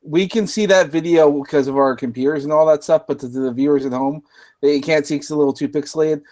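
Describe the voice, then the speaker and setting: A man in casual group chat, explaining things to viewers with halting restarts. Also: fairly high pitch, fairly even intonation, darkish tone.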